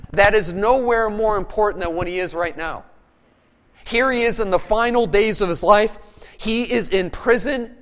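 A man preaching a sermon as pastor, animated and firing rhetorical questions at his congregation. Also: high voice.

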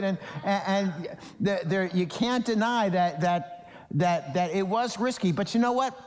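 A man from New Jersey preaching a sermon as pastor, animated, acting out Bible characters in quoted voices. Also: high-pitched, normal speed, big-room sound.

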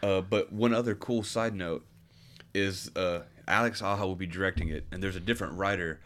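Very deep-voiced man, casual podcast chat. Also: steady tone, fairly quick, fairly bright tone. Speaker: podcast co-host.

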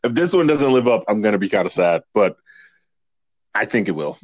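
A man's voice: on the low side, sing-song, a little fast, no echo. A man co-hosting a casual podcast, laid back and joking, with plenty of swearing. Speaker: podcast co-host.

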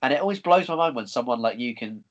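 A man hosting a casual podcast chat, chatty and excitable, swearing freely. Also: mid-range voice, fast, lo-fi sound. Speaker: podcast host.

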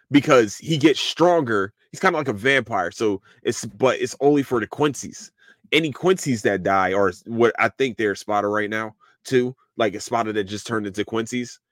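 A man hosting a podcast, casually recapping an anime in a rambling, animated way and swearing freely. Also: medium pitch, no echo, studio quality. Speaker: podcast host.

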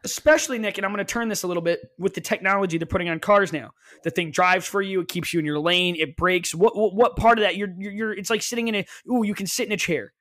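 A man co-hosting a casual podcast, animated and talking over himself, with many repeated words and asides. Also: high-pitched, fast talker, hardly any pauses. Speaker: podcast co-host. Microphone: headset.

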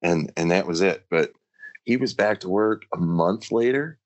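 A man who is a podcast guest, telling stories in a casual, animated way with slang. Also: low-pitched, moderate pace, lo-fi sound. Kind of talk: casual chat.

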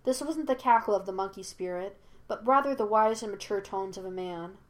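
A woman reads a fan story aloud in an even, steady storytelling manner. Her voice sits at a middle pitch for a woman. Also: a little fast. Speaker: audiobook reader. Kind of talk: scripted narration of a fan story.

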